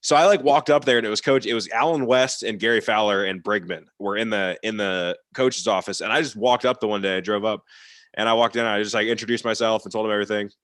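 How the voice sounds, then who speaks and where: A man's voice: fairly low pitch, a bit bright, dry recording, studio quality. A young man telling stories as a podcast guest in casual chat, heavy on "like" and swearing. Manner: rapid, filler-heavy with frequent "like" and swearing. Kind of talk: casual storytelling.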